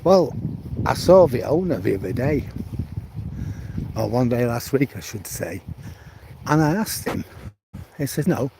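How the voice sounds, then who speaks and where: Man, 70s, slow easygoing live-stream chatter, outdoor phone mic with steady background noise. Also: mid-range voice, gravelly. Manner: unhurried rambling chat, answers viewers' comments. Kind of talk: casual walk-and-talk live stream. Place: outdoors, rural coast.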